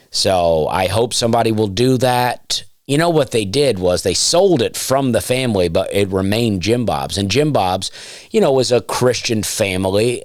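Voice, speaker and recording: A man with a smooth baritone voice, hosting a casual solo comedy podcast, rambling with dry, self-deprecating asides and plenty of fillers. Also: dry recording. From Alabama. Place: home, during nap time.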